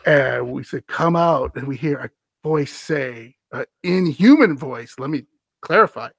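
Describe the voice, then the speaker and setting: Creaky-voiced man reading a scary story. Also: medium pitch, animated, unhurried, no echo. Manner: wry asides, laughing at the story. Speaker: podcast host.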